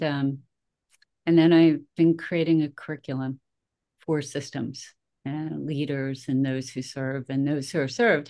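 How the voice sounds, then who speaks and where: A woman in her fifties, a guest on a podcast, telling her story in a lively, chatty way with frequent laughs. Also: deep voice. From Philadelphia area. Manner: animated storyteller, laughs often, acts out her own quotes. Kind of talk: casual conversational interview.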